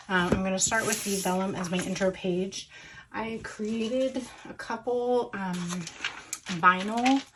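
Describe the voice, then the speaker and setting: A woman's voice: medium pitch, noisy background. A woman casually talking through her scrapbook plan, chatty and full of little self-corrections, recorded at home at a crafting table. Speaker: scrapbooking vlogger.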